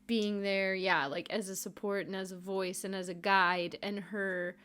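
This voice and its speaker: A woman's voice: mid-range voice, steady tone, measured pace, fairly bright tone, clear, resonant tone. A woman co-hosting a podcast, chatting casually and thoughtfully about a TV episode and hedging her points with plenty of fillers. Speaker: podcast co-host. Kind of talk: casual chat recapping a TV episode.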